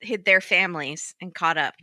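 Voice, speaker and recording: A woman's voice: lowish voice, normal speed, bright, forceful tone, no echo. A woman co-hosting a podcast, giving her opinions on a reality show in chatty, casual talk and laughing easily. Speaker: podcast co-host. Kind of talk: casual recap chat.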